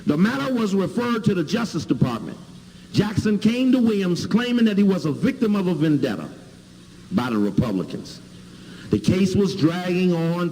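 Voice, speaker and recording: Lecturer, man, animated and somewhat high, recorded in a reverberant hall with faint ambience. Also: a little hiss or hum. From Chicago. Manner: emphatic, spells out and repeats key words. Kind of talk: lecture with video clips.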